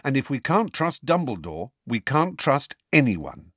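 A man reading an audiobook, voicing a clever, bossy teenage schoolgirl with a sharp, insistent manner. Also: mid-range voice, sing-song, a little slow, no room sound, studio quality, voice pushed up. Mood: snappish.

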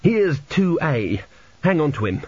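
A man's voice: on the high side, very animated, a little slow, a little mellow, husky, no room sound, lo-fi sound, pitched above the performer's own voice, full character voice. A man doing a nervous, earnest young engineer. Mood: earnest, anxious.

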